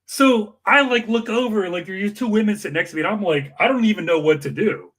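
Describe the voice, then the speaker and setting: A man telling a long personal anecdote in an emotional, animated way, acting out the people in it. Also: sits high, brisk, breathy edge. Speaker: campaign worker guest. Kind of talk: storytelling anecdote.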